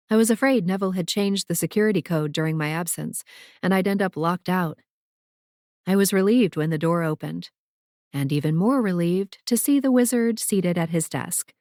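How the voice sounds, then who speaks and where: A woman's voice: fairly low pitch, moderate pace, a little mellow, dry recording. A woman narrating a first-person novel for an audiobook in a dry, wry way, on a close studio mic.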